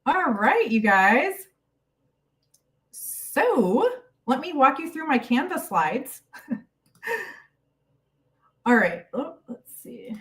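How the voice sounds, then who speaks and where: A woman's voice: high-pitched, big pitch swings, drawn-out words, pauses often, fairly bright tone, recorded from a distance. A woman hosting a casual live stream Q&A from home, chatty and bubbly as she greets viewers by name, a little out of breath. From United States. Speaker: YouTube host.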